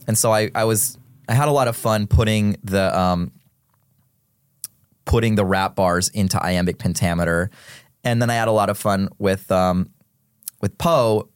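A man in his thirties, a guest rapper in a casual podcast interview, explaining things in an animated, nerdy, theatrical way. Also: on the low side, moderate pace, clean tone, dry recording, studio quality.

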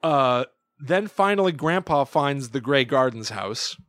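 A man's voice: mid-range voice, a little slow, no room sound, studio quality. A man co-hosting a podcast, animatedly retelling a cartoon in casual chat full of "like". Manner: animated retelling with lots of likes. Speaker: podcast co-host.

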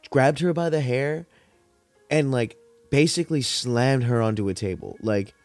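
A man's voice: medium pitch, a little mellow, no echo. Laid-back, rambling young man. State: cotton mouth, high. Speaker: podcast host. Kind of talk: casual storytelling monologue.

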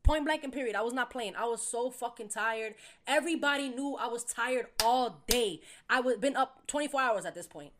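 A young adult woman co-hosting a podcast, telling a story in casual chat, animated and profane, acting out quotes loudly. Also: fairly high pitch, a little fast. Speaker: podcast co-host.

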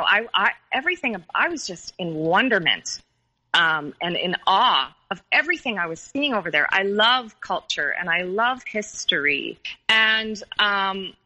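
Woman guest, personal storytelling; earnest, halting, bright tone. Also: on the low side, low-quality recording. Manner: earnest and halting, many pauses and restarts. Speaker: podcast guest.

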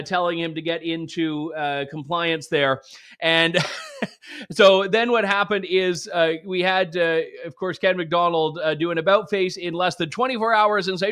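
A man's voice: high voice, fairly bright tone. A Canadian man giving sarcastic, jokey political commentary. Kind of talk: opinion commentary.

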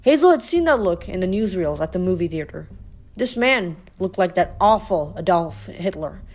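A woman's voice: on the low side, expressive, normal speed, a little mellow. A woman reading a novel aloud, telling the story steadily with small slips and corrections. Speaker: audiobook reader.

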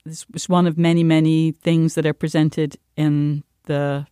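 A woman's voice: deep voice, level tone, a little slow, mellow, clean tone, dry recording, studio quality. A woman co-hosting a podcast in casual chat, talking in a hesitant way with many fillers and restarts. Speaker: podcast co-host.

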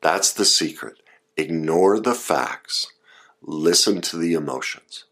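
Emphatic low-voiced man coaching. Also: a bit bright. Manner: emphatic, acts out short example quotes. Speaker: coach giving advice. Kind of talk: direct-address advice talk.

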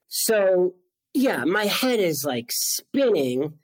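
A man in his forties telling a story as an interview guest, animated and full of "like" fillers. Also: high-pitched, extremely slow. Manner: animated, acts out quoted voices, many "like" fillers. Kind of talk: storytelling in conversation.

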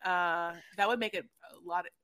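A woman's voice: fairly low pitch, fairly even intonation, sharp tone. A woman co-hosting a podcast, recapping a reality show in casual, profane chat and acting out quotes. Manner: fast, profane, acts out quotes in silly voices. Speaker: podcast co-host.

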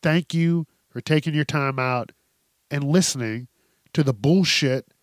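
A man's voice: fairly high pitch, a little slow, dry recording, clean studio sound. A man hosting a podcast, telling stories in a casual, profane way and laughing often. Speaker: podcast host. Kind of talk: casual comedic storytelling.

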